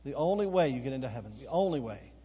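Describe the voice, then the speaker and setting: A male pastor preaching a sermon, swinging between loud emphatic outbursts and slow, quiet, earnest stretches, repeating phrases for emphasis. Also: mid-range voice, lively intonation, husky. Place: church sanctuary. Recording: long church hall reverb. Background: occasional congregation responses.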